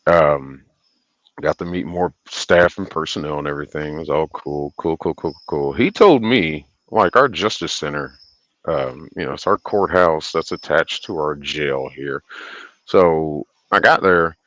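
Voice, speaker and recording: Deep-voiced man telling a rambling story. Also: unhurried, fairly bright tone, dry recording, poor audio. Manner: profane, rambling, laughs often. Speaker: livestream host. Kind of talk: casual storytelling on a livestream.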